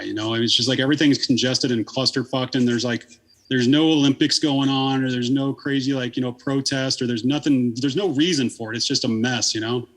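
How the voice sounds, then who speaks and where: A man in his thirties, a podcast guest, telling a long story in casual, rambling talk full of swearing and fillers. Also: medium pitch.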